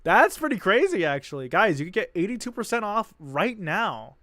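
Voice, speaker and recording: A young man rambling through a live-stream reaction, gushing and looping back on his own phrases. His voice runs fairly high and swings widely in pitch, recorded dry and close with faint music underneath. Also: sing-song, normal speed, fairly bright tone, dry recording. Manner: rambling, enthusiastic, laughs, repeats himself.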